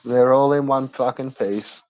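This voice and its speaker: A man's voice: medium pitch, steady tone, a little slow, a little mellow, dry recording, muffled recording. A man with an Australian accent, a streamer in brash, profane casual chat with viewers.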